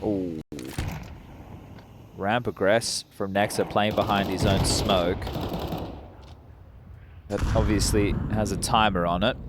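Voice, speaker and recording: A man giving measured color commentary and tactical analysis during an esports match, with a dry sense of humour. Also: lowish voice, steady tone, background noise.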